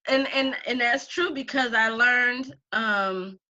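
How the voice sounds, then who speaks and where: A woman's voice: fairly high pitch, slow pace, lo-fi sound. A woman who teaches a craft class, chatting as an interview guest and telling stories with acted-out quotes. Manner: animated storyteller, acts out quotes. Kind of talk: casual conversation.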